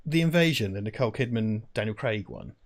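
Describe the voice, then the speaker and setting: A man's voice: lowish voice, very animated, brisk, a little hiss or hum. A man co-hosting a film watch-party stream, talking in a rambling, self-interrupting, laughing way. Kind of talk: casual chat. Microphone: lavalier.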